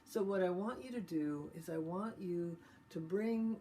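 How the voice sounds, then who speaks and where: A woman as a tapping instructor, calmly leading listeners step by step through a guided tapping exercise. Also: fairly low pitch, measured pace, slight background noise. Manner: calm step-by-step guidance.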